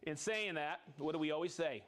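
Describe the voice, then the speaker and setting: A man's voice: a little high, brisk, a bit bright. A man hosting a live product show in casual chat, jovial and chatty, reading out viewer names and laughing often.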